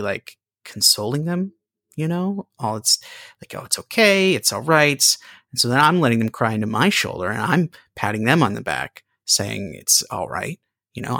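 An actor playing a weary, sardonic widowed man with a gravelly voice. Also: medium pitch, pushed and bright, no echo, clean studio sound, heavily acted. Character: gruff widowed man bent on revenge.

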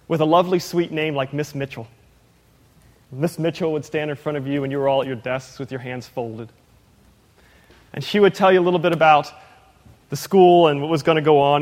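A man's voice: on the high side, big-room sound. A man in his thirties preaching a sermon in a conversational, playful way, sometimes mimicking others. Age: 30s. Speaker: preacher and teacher.

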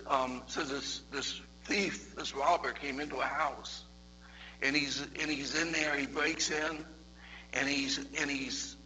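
A man giving a sermon, telling a story in a chatty way, often repeating himself and growing louder as he preaches. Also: a little hiss or hum, poor audio. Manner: conversational, repeats words, builds in loudness and pitch toward the end.

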